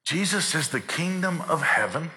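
A man's voice: a little high, expressive, normal speed, bright, forceful tone. A man preaching a sermon in an earnest tone, building urgency and repeating words when he gets fired up.

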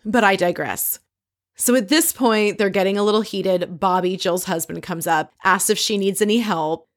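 Brief: chatty female host, casual recap voice, mid-pitched, lively asides. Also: normal speed. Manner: chatty, animated storytelling with frequent asides. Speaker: podcast host recapping a reality show.

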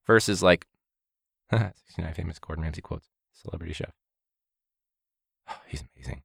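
A man's voice: sits low, animated, brisk, creaky, pauses often, husky, no room sound, studio quality. A man, a teacher, hosting a casual comedic monologue, rambling and joking and swearing often. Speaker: teacher and podcast host.

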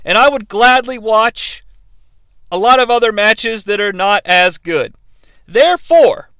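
A man's voice: sits high, fairly even intonation, unhurried, sharp tone, clear, resonant tone, no room sound. A man in his thirties hosting a comedic wrestling review podcast, playful and sarcastic. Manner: playful, sarcastic, jumps into impressions. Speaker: podcast host.

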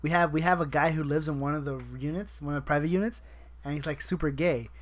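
A man's voice: fairly high pitch, fairly even intonation, fast. A young man co-hosting a casual podcast chat, joking and profane, laughing often. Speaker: podcast co-host.

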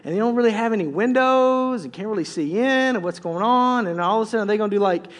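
A man's voice: high voice, animated, fast talker, long reverb tail. A man, a pastor, preaching a conversational, joking sermon, full of restarts and acted-out quotes.

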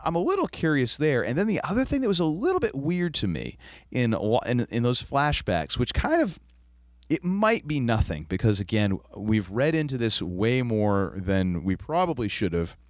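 A man co-hosting a casual podcast chat about a TV episode. He speaks in an animated way, often jumping up high in pitch. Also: normal speed, no echo, studio quality. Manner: animated, jumps up high for quoted lines. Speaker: podcast co-host.

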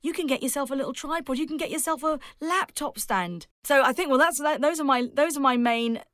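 A woman's voice: sits high, brisk, a bit bright, no echo, clean studio sound. A woman, a public speaking coach and author, giving emphatic advice as a podcast interview guest and laughing often.

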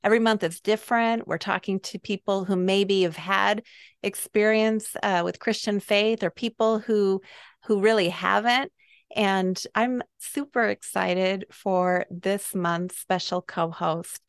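A woman's voice: medium pitch, steady tone, a little slow, smooth, dry recording. A middle-aged woman hosting a casual podcast chat, effusive and chatty with frequent ums. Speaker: podcast host.

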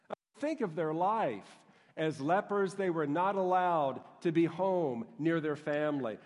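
A man with a notably high voice delivers a sermon, pressing his points through rhythmic, repeated phrases. His words ring out with a long reverb, as if spoken in a large hall. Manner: emphatic preaching with repeated phrases. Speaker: pastor.

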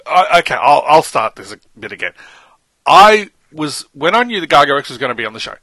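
Man, Australian accent, bright tone, dry close mic, enthusiastic casual chat. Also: fairly high pitch, fairly quick, dry recording. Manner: animated, enthusiastic, laughs often. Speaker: podcast co-host.

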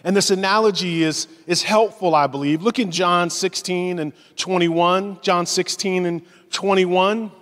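A man in his forties preaches a sermon with animated storytelling. His voice sits a little high and carries a long reverb from a large hall. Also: measured pace, few pauses. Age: 40s. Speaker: pastor.

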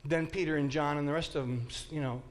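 A man with a fairly high voice leads a Bible class in a classroom. He teaches in an animated, joking way and acts out the story as he goes. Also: quick pace.

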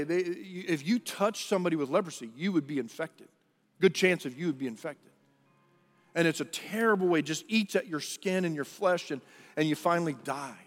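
A man's voice: high-pitched, long reverb tail. A man preaching a sermon as pastor, earnest and conversational, often repeating and restarting his words.

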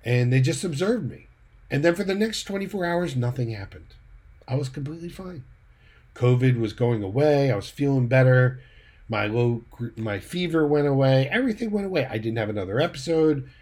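A man's voice: mid-range voice, lively intonation, fairly quick, a little mellow, breathy edge. A man casually recounting a personal story, retelling the dialogue in a conversational way with the odd light laugh. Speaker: church leader giving a personal update.

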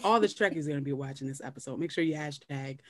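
A woman's voice: fast talker, over a noisy crowd. A woman, a guest comedian, telling a story in casual podcast chat. She acts out the quotes, pushing her voice up and down. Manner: animated storyteller, acts out quotes in shifting pitch.

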